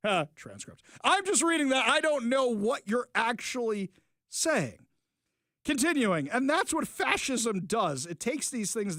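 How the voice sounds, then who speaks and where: Male radio host, sarcastic and opinionated; high, very lively delivery, dry studio sound. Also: dry recording. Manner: sarcastic, animated, quick asides and restarts. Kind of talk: opinionated political talk radio.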